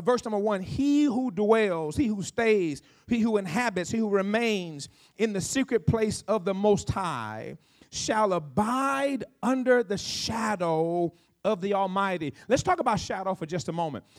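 High-voiced male pastor preaching a sermon. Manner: builds from soft and low to loud, high exhortation; calls out to the congregation, asks for responses.

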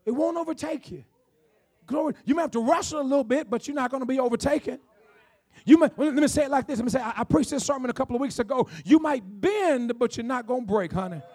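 A man preaching a sermon as pastor, emphatic and repetitive, with call-and-response to the congregation and slow, drawn-out key phrases, in a church. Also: extremely high pitch, a little mellow, slightly rough. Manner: slows down to draw out key phrases. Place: church sanctuary.

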